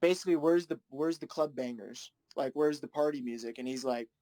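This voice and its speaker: A man's voice: medium pitch, fairly quick, warm tone, dry recording. A man, a musician guest, talking in a laid-back, rambling way and laughing often. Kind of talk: casual chat.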